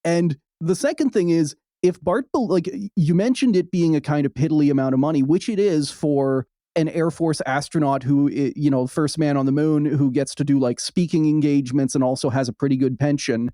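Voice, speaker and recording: A man co-hosting a podcast, talking fast and wry as he recaps, with quick asides. His voice sits fairly high but sounds mellow and warm. The sound is dry and close, with no room around it. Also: no echo. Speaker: podcast co-host. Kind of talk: casual podcast chat.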